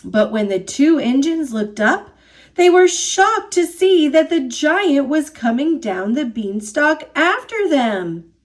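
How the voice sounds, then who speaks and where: A woman reading a children's picture book aloud in a high, lively voice. She draws out every phrase very slowly and expressively. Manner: expressive, drawn-out storybook narration. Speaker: storyteller.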